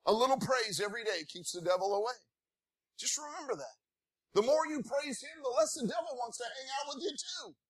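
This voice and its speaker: A pastor preaching a sermon in a folksy, conversational way, growing animated and breaking into shouts of praise. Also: male voice, very high-pitched, brisk, slightly rough, no echo.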